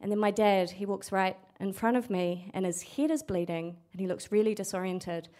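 At a storytelling event, a young adult woman from New Zealand tells a true story, frank and sweary, acting out what people said. Her medium-pitched voice is mellow and moderately paced.

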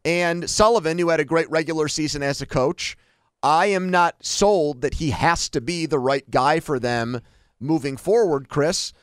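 A man's voice: fairly high pitch, moderate pace, clean tone, no echo, studio quality. A man co-hosting a sports talk show, giving strong opinions in casual debate with frequent restarts.

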